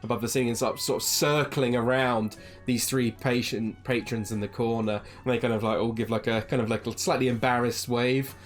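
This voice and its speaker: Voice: mid-range voice, steady tone, fairly quick, hardly any pauses, faint music behind. A game master narrating a tabletop game in a rambling way, full of fillers and "like"s.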